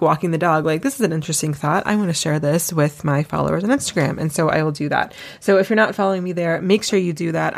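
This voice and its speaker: Woman dating-coach host, low-pitched with a gravelly fry, upbeat and chatty, talking straight to her listeners. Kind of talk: casual solo podcast monologue.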